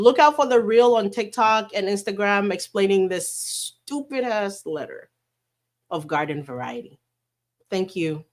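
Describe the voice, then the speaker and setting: A woman's voice: medium pitch, slight background noise. A woman chatting casually with viewers on a livestream, blunt and talkative, swearing freely and mixing in Spanish endearments.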